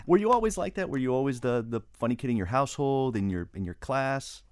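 A male radio host from South Florida asks questions and tosses in teasing jokes. He talks fast, and his voice is recorded dry and close with no room sound. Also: medium pitch, lively intonation, no room sound. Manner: quick, teasing, joking interjections. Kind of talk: interview.

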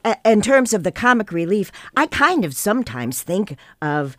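Actor, unhurried, hesitant fillers, dry close recording. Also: medium pitch, very animated, fairly bright tone, no echo. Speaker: stage actor. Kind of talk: conversational interview.

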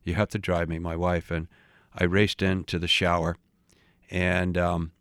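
A man in his late sixties telling a story in casual chat, animated, often stumbling and repeating words. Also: low voice, a little slow, smooth, no echo, studio quality. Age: 60s. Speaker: podcast co-host.

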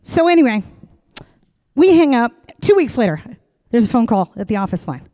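A middle-aged woman tells a story on stage in a stand-up set. Her fairly high voice swings widely in pitch as she acts out the voices in her tale with frank, animated delivery. The sound is dry and close. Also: normal speed, long pauses, no echo. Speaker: comedian.

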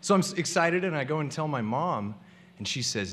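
A man's voice: on the high side, lively intonation, fairly quick, fairly bright tone, a little hiss or hum. A young man telling a comic personal story to a live audience, acting out the people he quotes.

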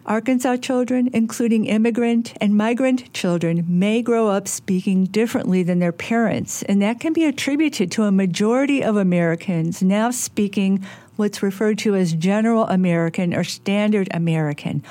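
A woman radio reporter reading a news feature in a measured, clear manner. Her voice sounds close and dry, with no room sound. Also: mid-range voice, mellow, no echo. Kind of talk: scripted news narration.

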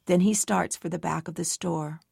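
A woman's voice: fairly low pitch, fairly even intonation, normal speed, creaky, a little mellow, slightly rough, no echo, studio quality. A woman giving tense, anxious first-person story narration as an audiobook narrator.

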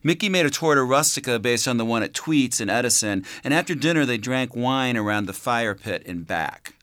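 A man's voice: medium pitch, expressive, a little fast, a bit bright, dry recording. Man narrating a novel, dry close voice. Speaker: audiobook narrator. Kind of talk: scripted narration.

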